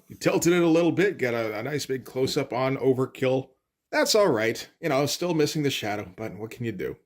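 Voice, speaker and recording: A man casually recapping and critiquing a comic issue in an offhand, rambling way with lots of fillers. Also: medium pitch. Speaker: comics commentator. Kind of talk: casual comic read-through.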